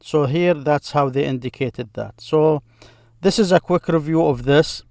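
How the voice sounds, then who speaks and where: Slow, patient male teacher. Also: fairly high pitch, creaky, a little mellow, dry recording, clean studio sound. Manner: slow and patient, repeats words to model pronunciation. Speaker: Arabic teacher. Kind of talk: screen-share grammar lesson.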